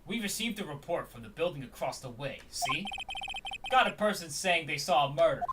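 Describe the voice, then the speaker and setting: A streamer doing a gruff Brooklyn police detective. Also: mid-range voice, lively intonation, normal speed, recorded from a distance, heavy background noise, lightly acted. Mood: tough. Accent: put-on Brooklyn. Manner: tacks "see?" onto sentences. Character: gruff tough-talking male police detective. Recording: loud game music, voice set back from mic.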